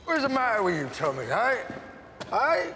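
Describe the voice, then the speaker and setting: A menacing gangster in a period crime drama, rambling and swearing as he lurches between mutters and shouts. His voice is high, lively and sharp-edged. It rings in a reverberant space with faint noise behind it. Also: normal speed, full character voice. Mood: menacing rant. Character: volatile London gangster, middle-aged man, rambling and menacing.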